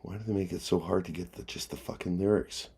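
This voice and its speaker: A man's voice: deep voice, fairly even intonation, fast, vocal fry, dark tone, breathy edge. A man hosting a late-night chat livestream, goofing around and mumbling asides. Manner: goofy, sings songs loosely and mumbles. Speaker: livestream host. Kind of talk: late-night casual chat stream, singing along.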